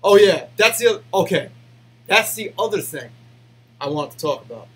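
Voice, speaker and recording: A man's voice: high-pitched, expressive, moderate pace, slightly rough. A man casually chatting to fans, rambling with many restarts and fillers, then ranting defensively. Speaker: YouTube host answering fan questions. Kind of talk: casual behind-the-scenes chat.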